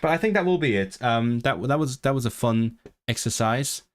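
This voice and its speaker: Halting British-accented young man streaming. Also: mid-range voice, animated, dry recording. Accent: British English. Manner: thinks aloud, halting, many restarts and self-corrections. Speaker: livestreamer and language learner. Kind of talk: casual livestream chat.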